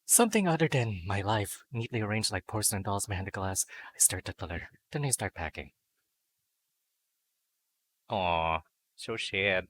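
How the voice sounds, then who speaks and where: A man reading a dating sim aloud on stream, breaking off into playful, crude jokes and silly noises. His voice sits a little low but has a bright, forward edge. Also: lively intonation, moderate pace, pauses often. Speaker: VTuber game streamer.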